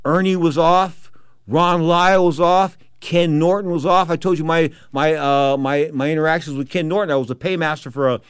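A man's voice: fairly high pitch, fairly even intonation, normal speed, smooth, no room sound. A middle-aged man telling boxing stories in a casual, emphatic monologue, often checking in with "okay?". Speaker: boxing commentator.

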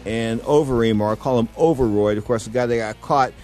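A man hosting a sports talk radio show, excitable and rambling, telling stories full of asides. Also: mid-range voice, a little fast, soft background music.

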